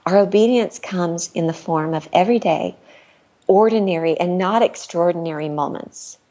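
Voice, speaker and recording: Woman, middle-aged, podcast guest, earnest, candid storytelling, light laughs, lower pitch. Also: normal speed, mellow, highs cut off. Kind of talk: personal storytelling in casual chat.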